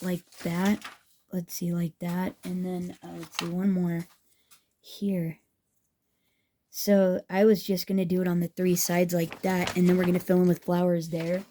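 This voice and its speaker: A woman with a soft, mellow tone talks through a scrapbooking project in a relaxed, chatty way. She gushes with enthusiasm and often restarts her sentences as she thinks aloud. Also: lowish voice, unhurried, a little hiss or hum. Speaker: craft vlogger. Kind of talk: casual craft tutorial chat.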